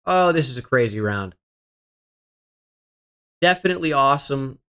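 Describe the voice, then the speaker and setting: A young gaming streamer narrates his play in a middle-range voice that is bright, forceful, clear, and resonant, with lively intonation at normal speed. He mutters guesses half to himself, swears often, and sounds exasperated and self-deprecating about his own slip-ups.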